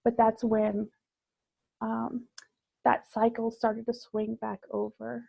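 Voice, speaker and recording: A woman guest sharing a personal story in conversation, reflective and halting, with many fillers. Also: on the high side, monotone, creaky, warm tone, slightly rough, no echo, rough recording.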